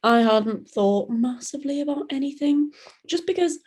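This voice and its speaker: A young British woman, a guest in a podcast interview, talking in a relaxed, chatty way and acting out other people's lines. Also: moderate pace. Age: young adult. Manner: laid-back, chatty, acts out quoted voices with big pitch jumps. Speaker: guest, solo ocean rower. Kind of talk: casual interview talk.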